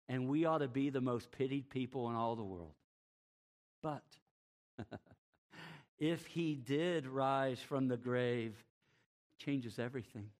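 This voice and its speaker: Slow, emphatic male preacher. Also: mid-range voice. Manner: emphatic preaching with rhetorical questions and wide swings in loudness. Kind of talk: sermon.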